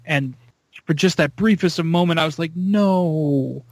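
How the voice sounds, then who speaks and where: A fairly high-voiced man chatting on a podcast, excitable and animated, jumping up in pitch as he plays out his reactions. The sound is dry and close, with no room around it. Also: a little fast, dry recording. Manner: excitable, acts out his own reactions with big pitch jumps. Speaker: podcast co-host. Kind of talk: casual chat.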